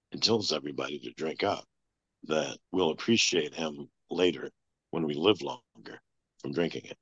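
A man telling a long personal story as an interview guest, in a flat, matter-of-fact way. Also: extremely low pitch, breathy edge, no echo. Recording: dull lo-fi sound.

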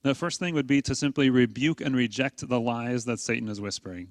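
Man, pastor, conversational sermon, rhetorical questions, animated emphasis, dry close sound. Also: mid-range voice, a little fast, no echo.

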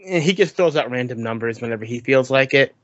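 A man co-hosting a podcast in casual chat, talking in animated bursts, often repeating words and laughing as he mimics others. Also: medium pitch, fast talker, no room sound. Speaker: podcast co-host. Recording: dull lo-fi sound.

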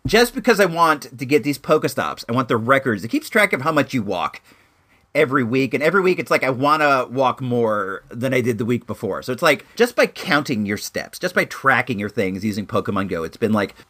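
A man's voice: medium pitch, sing-song, fairly quick, bright, forceful tone. A young man telling a rambling story in a casual vlog, with lots of fillers and restarts. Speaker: vlogger.

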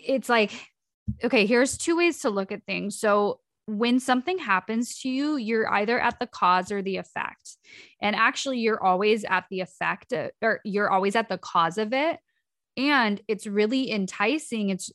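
A woman's voice: medium pitch, dry recording. Woman coach chatting on her podcast, rambly and self-interrupting, dry close mic. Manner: chatty, self-interrupting, animated acted quotes. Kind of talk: casual solo podcast talk.

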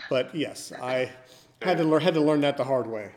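A man's voice: mid-range voice, expressive, brisk, darkish tone. A man from the northern US with a stutter, a podcast co-host who tells jokey stories in casual chat. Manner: joking, storytelling.

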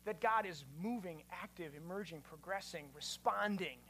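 Man, pastor, teaching sermon, bright tone, animated, quizzes the crowd. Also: high-pitched, moderate pace, a little hiss or hum.

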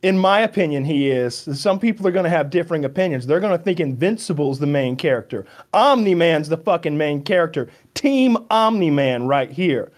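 A man with a somewhat high voice co-hosts a casual podcast. He rambles excitably and swears freely, gushing as he goes. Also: brisk, few pauses. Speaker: podcast co-host.

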